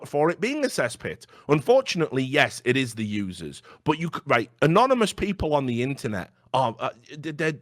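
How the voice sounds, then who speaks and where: A man's voice: medium pitch, no echo, studio quality. A man in casual chat, blunt and sweary, telling stories with animation.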